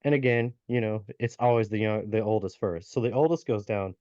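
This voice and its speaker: A man's voice: lowish voice, a little fast, dark tone, dry recording. A man co-hosting a podcast, casually retelling a folk tale with lots of fillers and restarts. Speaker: podcast co-host. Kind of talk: casual storytelling chat. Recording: dull lo-fi podcast audio.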